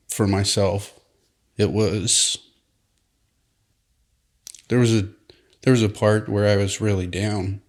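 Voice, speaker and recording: A man, a father, giving halting, reserved interview answers. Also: lowish voice, a little mellow. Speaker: father of guests.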